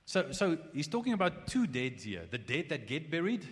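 A man preaching a conversational sermon, animated, with restarts and asides. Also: fairly high pitch, moderate pace, hardly any pauses. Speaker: pastor. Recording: long hall reverb.

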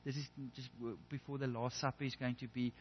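A man's voice: mid-range voice, flat delivery, brisk, a little hiss or hum. A man preaching a sermon in an earnest way, often restarting and repeating words as he builds a point. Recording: echoey hall, dull lo-fi sound.

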